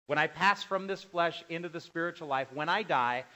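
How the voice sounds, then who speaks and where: A man's voice: a little high, fairly quick, bright, forceful tone, low-quality recording. Man preaching with rising emphasis. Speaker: pastor. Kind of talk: sermon.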